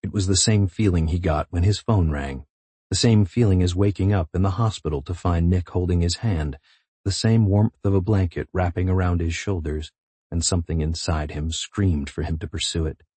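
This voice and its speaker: A man reads a novel aloud in a measured, intimate way. His voice is very low, dark and husky. The recording is dry and close with no room sound. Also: no echo. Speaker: audiobook narrator. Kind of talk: scripted narration.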